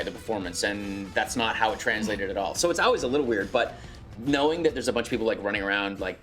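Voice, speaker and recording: A man being interviewed as a guest actor, talking in a relaxed, loose way with lots of filler words. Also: fairly low pitch, fast talker, faint music behind. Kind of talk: casual interview chat.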